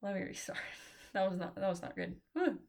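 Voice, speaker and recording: Woman, lecturer, out of breath, casual, hesitant, mid pitch, frequent fillers. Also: expressive, a little fast, gravelly, darkish tone, a little hiss or hum. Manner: casual, hesitant, many fillers and self-corrections. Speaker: philosophy lecturer. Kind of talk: informal recorded lecture.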